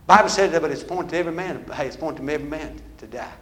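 Man, preacher, high bright voice, shouting call-and-response sermon, faint background noise. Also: very fast.

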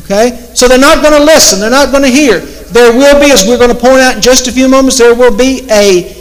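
Man, preacher, sermon, emphatic slow delivery, very high voice, long hall echo. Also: a little hiss or hum. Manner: slow, emphatic Bible preaching with quoted scripture.

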